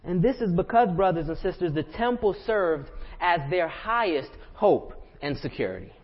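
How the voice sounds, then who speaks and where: Male pastor, high voice, conversational sermon full of rhetorical questions, long church reverb. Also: sing-song, moderate pace, dull audio. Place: church sanctuary.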